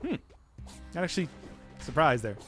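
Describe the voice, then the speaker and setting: Animated, laughing young male streamer. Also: fairly high pitch, moderate pace, soft background music. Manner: laughs often, answers chat, self-mocking. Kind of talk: casual gameplay commentary.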